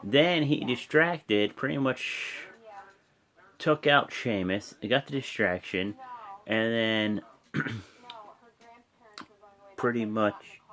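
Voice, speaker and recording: A man rambles through a casual wrestling recap in a voice of ordinary pitch. He gets excitable and swears freely as he goes. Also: drawn-out words, pauses often. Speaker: wrestling show reviewer.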